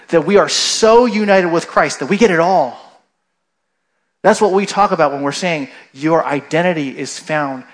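A male pastor giving a sermon in a relaxed, conversational manner. His voice sits a little high, and he keeps checking in with the congregation as he goes.

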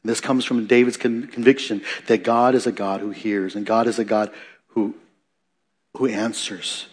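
A man preaching a sermon, rising loud for emphasis, dropping soft, with chatty asides and self-corrections. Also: on the low side, steady tone, moderate pace. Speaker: pastor.

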